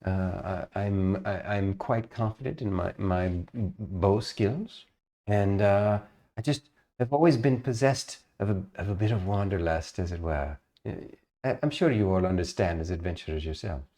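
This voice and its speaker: A man voicing a sweet, reserved female elven ranger, speaking in a put-on accent with courteous, halting phrasing. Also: sits low, mellow. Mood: earnest. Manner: courteous, halting speech with many restarts.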